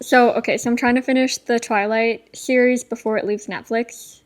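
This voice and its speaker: A young woman chats as a podcast co-host, giggling often and rambling with plenty of filler words. Her voice sits on the higher side. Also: lively intonation, moderate pace, few pauses. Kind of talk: casual chat.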